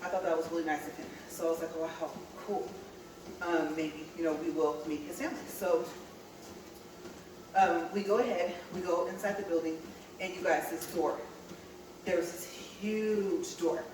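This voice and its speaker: On the low side and steady, a California woman's voice moves at a moderate pace as she tells a story on a treadmill and laughs often with viewers. The vlog has background noise, an echoey room, and a mic placed far away.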